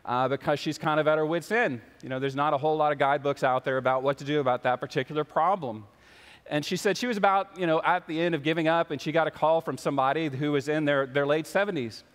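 A pastor preaching to his congregation, his voice sitting a little high for a man. He tells stories and slips into the voices of the characters. The sound carries a long reverb from a big church hall. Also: steady tone, quick pace. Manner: storytelling, acts out the voices in his anecdotes. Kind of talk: sermon. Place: church sanctuary.

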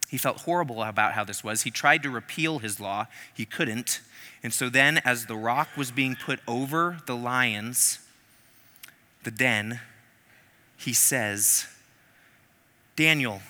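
A man preaching a sermon in a large hall, animated and humorous, often acting out voices and mixing scripture reading with casual asides. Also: medium pitch, measured pace, long pauses. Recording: long hall reverb.

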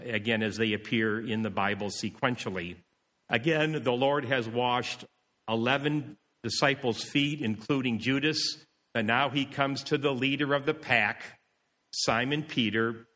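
A man's voice: medium pitch, bright, forceful tone. Man preaching, punchy and repetitive, sound rings out in a big hall. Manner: emphatic, repeats key phrases, acts out quoted voices. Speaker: pastor. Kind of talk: sermon.

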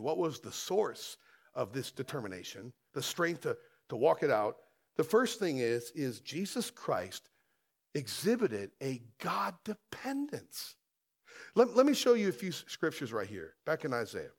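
Man, pastor, sermon, slightly high voice, emphatic, rhetorical questions. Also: very animated, measured pace, vocal fry. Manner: emphatic, rhetorical questions, rising to loud stresses.

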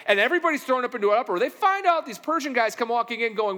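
A male pastor delivers a sermon with a high voice that swings widely as he tells the story. He acts out the characters' lines with energy. His voice carries a long echo through a large hall. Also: very animated, rapid-fire, few pauses, bright, forceful tone.

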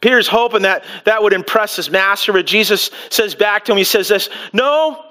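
A male pastor preaching to a congregation in church, animated and full of restarts, acting out quotes as he goes. His voice sits high for a man and has a bright, forward edge. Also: fairly quick. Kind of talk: sermon. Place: church before a live congregation.

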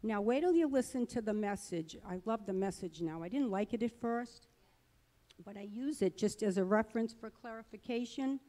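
A woman's voice: a little high, normal speed, dark tone, in a large hall. A middle-aged woman giving a personal testimony at church, earnest and conversational, rambling a little as she talks. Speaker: church speaker.

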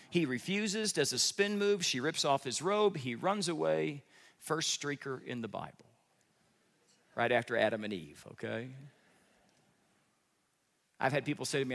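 A man preaching a sermon as pastor, animated, with humor and acted-out voices. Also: medium pitch, normal speed, creaky, in a large hall. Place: church sanctuary.

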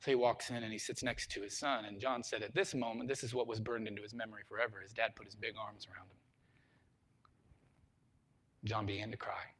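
A middle-aged man preaching a sermon, telling a story and swinging from loud emphasis to a hushed voice. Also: lowish voice, fairly even intonation, fairly quick, long pauses. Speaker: pastor.

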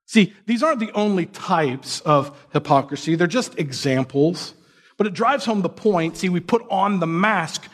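A man's voice: high-pitched, animated, moderate pace. A young man preaching a sermon in a casual, conversational way, asking the audience rhetorical questions and mimicking people in quotes. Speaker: pastor.

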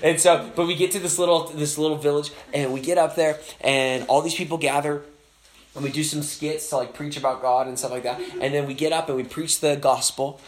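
A man preaching at a camp as pastor, telling his story in a casual and animated way, acting out the voices of the people in it with many fillers. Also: on the high side, fairly quick, echoey room. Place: speaking at a camp.

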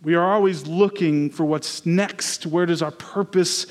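Male pastor, sermon, high-pitched voice, earnest, personal storytelling. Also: steady tone, a little slow.

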